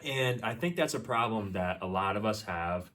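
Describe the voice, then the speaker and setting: A man's voice: lowish voice, lively intonation, normal speed, a bit bright, far from the mic. A young man co-hosting a podcast in an easygoing way, agreeing a lot as he chats. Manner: easygoing, lots of agreeing fillers. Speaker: podcast co-host. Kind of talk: casual chat.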